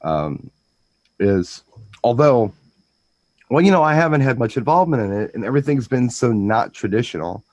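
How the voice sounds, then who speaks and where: A man's voice: mid-range voice, sing-song, darkish tone, no echo. A man who works as a DJ, talking casually in a rambling way. He repeats words as he goes and drifts into stories. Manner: rambling storyteller, repeats words, breaks into quick impressions. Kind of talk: casual chat.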